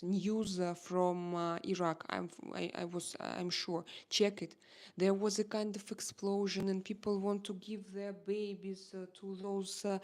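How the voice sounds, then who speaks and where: Husky-edged Russian-accented woman chatting. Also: medium pitch, darkish tone. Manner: halting, searches for English words, drops into French. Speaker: live-stream host reading chat. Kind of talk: casual live-stream chat.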